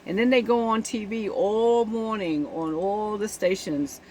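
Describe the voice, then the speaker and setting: An indignant woman talking through a news story in a casual, emphatic way, pressing her points and checking in with her listeners. Her voice sits at an ordinary middle pitch for a woman. Faint ambient noise hangs behind her. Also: a little slow, a little mellow, low-quality recording. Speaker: commentator on the news. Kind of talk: casual spoken commentary.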